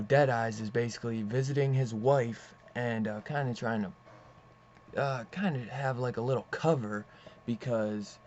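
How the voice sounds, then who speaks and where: A man's voice: mid-range voice, darkish tone. A man casually recapping a comic issue, rambling with many fillers and reading out the characters' lines as he goes. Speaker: comic book reviewer. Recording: dull lo-fi sound with faint noise.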